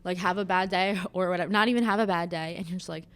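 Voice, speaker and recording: A woman's voice: on the low side, steady tone, fast talker, slight background noise. Blunt, swearing woman chatting. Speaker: podcast co-host. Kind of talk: casual chat.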